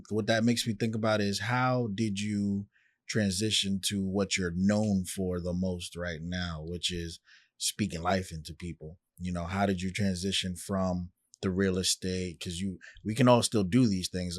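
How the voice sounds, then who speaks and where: Deep-voiced man hosting a podcast. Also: fairly even intonation, measured pace, dry recording, studio quality. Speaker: podcast host. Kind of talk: interview questions.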